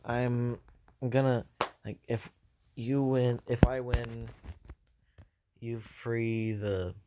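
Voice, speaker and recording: A man voicing an arrogant, clueless young male hero in his own flat, careless tone. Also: mid-range voice, extremely slow, very noisy. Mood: blunt challenge.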